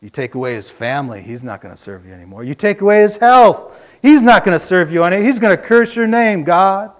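A man's voice: high voice, very animated, fairly quick. A man voicing Satan as a sneering male accuser, in a dull lo-fi recording.

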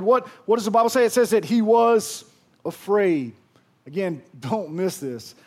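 A middle-aged man preaching a sermon, telling stories in a lively way with frequent restarts. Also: sits high. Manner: lively storytelling with repeated restarts. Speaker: pastor.

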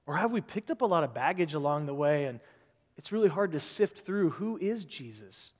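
A male pastor preaches in a loose, conversational style, asking question after question. His voice sits notably high. It rings out with a long reverb, as in a large hall. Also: lively intonation, moderate pace. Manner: conversational, rambling with asides and rhetorical questions. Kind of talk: sermon.

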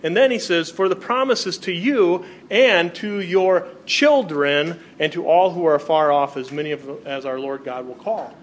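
A man's voice: high-pitched, a little hiss or hum. A male pastor preaching a sermon, reading Bible passages aloud and explaining them to his congregation. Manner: reads scripture aloud, then explains it to the congregation.

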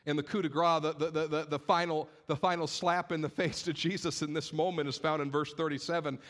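A pastor preaching a sermon to his congregation, expressive, moving between raised urgency and hushed gravity. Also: on the high side, a little fast.

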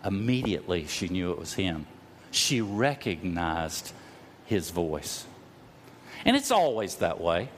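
A middle-aged man delivers a sermon in a storytelling way, and his voice moves through a wide pitch range. He drops low and slow on the words he wants to stress, then climbs to loud cries. A faint room hum sits under his voice. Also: big pitch swings. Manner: storytelling preacher, slows for emphasis, rises to loud cries. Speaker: pastor.

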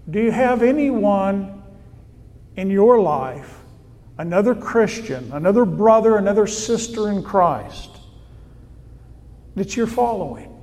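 A male pastor delivers a sermon from a church sanctuary, his voice sitting high for a man. He speaks slowly and deliberately, pausing on each word for emphasis. A long reverb from the hall trails after his phrases. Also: a little mellow. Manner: slow, deliberate preaching with emphatic pauses.

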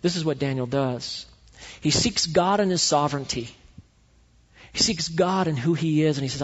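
A male pastor preaching a sermon in a church, telling the story with animated swings between loud and quiet delivery. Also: fairly high pitch, normal speed, slightly rough. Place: church sanctuary. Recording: echoey hall, dull lo-fi sound.

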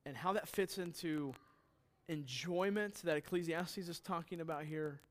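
A man preaching a verse-by-verse sermon in a chatty, relaxed way. His voice sits a little high, and he breaks off for quick jokes and questions to his listeners. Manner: conversational, joking asides, quizzes the congregation. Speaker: pastor. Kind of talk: sermon Bible teaching.

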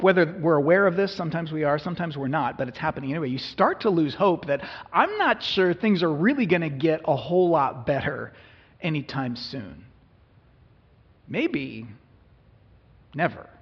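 A husky, slightly high-voiced male pastor preaches at a moderate pace, keeping it conversational and frequently questioning his listeners. The sermon comes through a dull, lo-fi recording with the ring of a reverberant hall.

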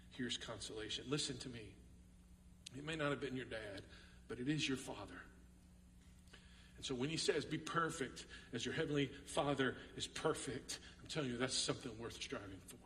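A man's voice: mid-range voice, bright, forceful tone, a little hiss or hum. A man with a Texan accent preaching a sermon as pastor, earnest and repeating key phrases for emphasis, in a church sanctuary. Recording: echoey hall from far off.

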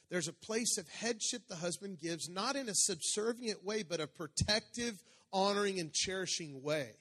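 A man's voice: high voice, a bit bright. A middle-aged male pastor preaching a sermon in a conversational way, calling out to the congregation and joking. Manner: conversational preaching with crowd call-outs and jokes.

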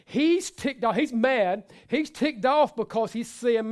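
Male pastor, high-pitched, conversational sermon delivery with restarts and asides. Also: expressive, slow pace, few pauses. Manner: conversational preaching with repetitions and asides.

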